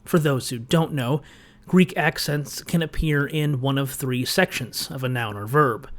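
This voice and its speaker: A man's voice: medium pitch, measured pace. A man delivering a scripted rebuttal commentary, sarcastic and lecturing, with a pointed, explanatory manner. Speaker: video essayist.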